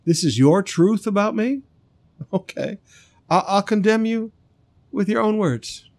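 A man's voice: high voice, animated, a little slow, darkish tone, voice pushed up. A man voicing a stern nobleman turned king, mocking a servant with sarcastic, indignant questions. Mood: scornful.

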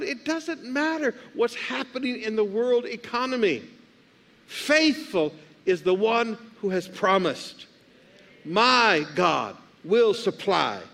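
A pastor preaches with a strikingly high voice. He reads scripture aloud and keeps throwing questions back at the congregation, drawing them into call and response. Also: fairly bright tone. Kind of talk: sermon.

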